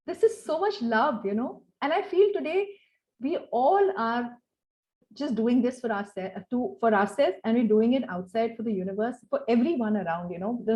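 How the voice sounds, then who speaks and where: A woman in her forties with an Indian English accent, chatting warmly and emotionally, telling personal stories with many fillers. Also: mid-range voice, lo-fi sound. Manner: emotional, animated, warm storytelling with many fillers. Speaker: host. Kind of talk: casual heartfelt chat.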